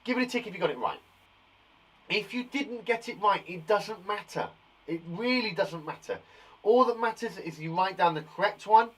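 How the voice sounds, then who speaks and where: Teaching young kids their times tables in a live online lesson, this middle-aged primary teacher is playful, full of jokes and encouragement. He's speaking from a garden shed, a little distant from the mic, with a high, animated, slightly bright and slightly rough voice at normal speed.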